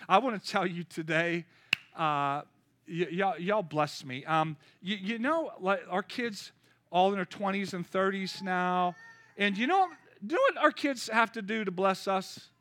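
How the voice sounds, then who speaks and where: High, bright-voiced joking male pastor. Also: a little slow. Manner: lively, joking, call-and-response. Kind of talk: sermon.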